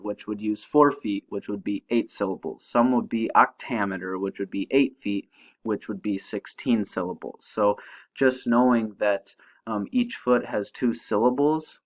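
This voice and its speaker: A young man teaching a high school English lesson over slides, talking casually and checking in with "okay?" as he explains. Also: fairly even intonation, a little slow, poor audio. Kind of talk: recorded slide-show lesson.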